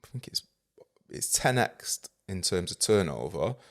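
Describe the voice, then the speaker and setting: A man's voice: sits low, big pitch swings, unhurried. A man hosting a podcast in loose, chatty talk, swearing freely and using lots of fillers. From England. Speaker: podcast host. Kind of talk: casual podcast chat.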